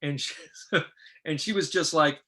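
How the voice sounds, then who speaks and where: A middle-aged man, a film director, telling casual stories in an interview and acting out what others said in lively voices. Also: on the high side, measured pace. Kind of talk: casual anecdotal storytelling.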